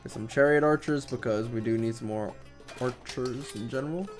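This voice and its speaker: Over game music, a man with a mid-range voice talks at a moderate pace, giving casual, rambling commentary on his strategy game and swearing now and then.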